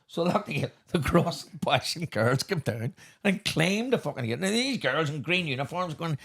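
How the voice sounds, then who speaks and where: Animated swearing Northern Irish man. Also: a little high, brisk, gravelly. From Northern Ireland. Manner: swearing, animated anecdote telling. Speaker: podcast host. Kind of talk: casual storytelling chat.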